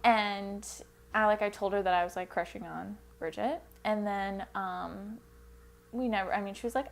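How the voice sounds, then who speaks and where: A woman's voice: medium pitch, normal speed. A young woman telling her story in a documentary interview, rambling and full of fillers. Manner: rambling, lots of likes and ums.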